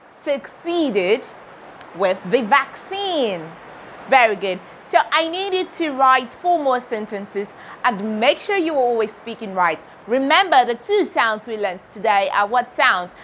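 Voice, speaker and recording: A woman's voice: high voice, pushed and bright, slight background noise. A woman teaching a pronunciation lesson to children. She drills words one at a time and asks and answers her own questions.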